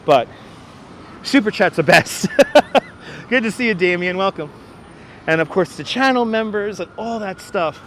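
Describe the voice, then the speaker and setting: A man's voice: high-pitched, lively intonation, unhurried, long pauses, a bit bright, a little hiss or hum. A man hosting a walking livestream on city streets, thanking viewers over and over in an effusive way. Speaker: livestream host. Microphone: wireless clip-on mic.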